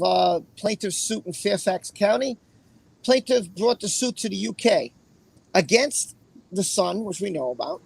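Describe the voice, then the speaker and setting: A man hosting a casual livestream with a raspy voice, chatting and then reading a court opinion aloud in a rambling way. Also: high voice, dry recording. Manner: rambling, chatty, with fillers and repeated phrases. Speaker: livestream host.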